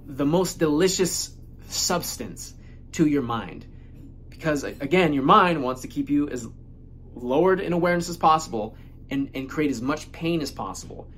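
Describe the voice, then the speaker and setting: A man talking through a self-help monologue in a casual, emphatic way. He repeats his points for force and swears without hesitation. His voice sits at a medium pitch, with a faint hiss of noise behind it. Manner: emphatic, repetitive, swears freely.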